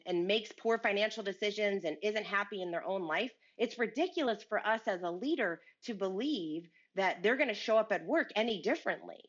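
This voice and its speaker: A woman's voice: a little high, muffled recording. A woman talking earnestly about leadership and work on a podcast, telling a story and acting out both sides of the conversation. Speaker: guest speaker on leadership.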